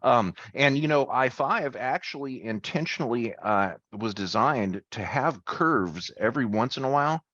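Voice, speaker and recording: Halting American interviewer, dry dull audio. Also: male voice, mid-range voice, animated, fairly bright tone, no room sound. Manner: friendly, halting, lots of fillers and affirmations. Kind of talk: casual interview chat.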